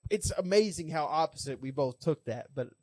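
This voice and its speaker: A man's voice: fairly high pitch, expressive, brisk, a little mellow, no room sound. A young man co-hosting a casual podcast, rambling through stories and getting fired up over his opinions. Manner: rambling storyteller, gets fired up. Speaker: podcast co-host. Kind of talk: casual chat.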